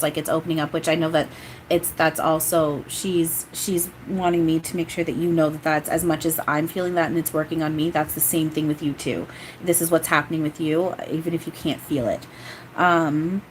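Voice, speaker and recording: A woman's voice: on the low side, a little hiss or hum, low-quality recording. A woman doing a live-streamed spirit reading as a medium, rambling and hesitant with many fillers. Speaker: psychic medium.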